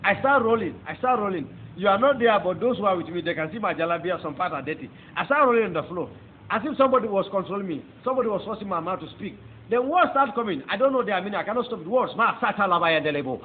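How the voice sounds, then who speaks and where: A man's voice: sits high, lively intonation, fast talker. A man with a Nigerian accent giving a fervent preaching testimony, emphatic and repeating phrases as he addresses his listeners. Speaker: testifying convert. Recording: tinny phone-like audio with faint background noise.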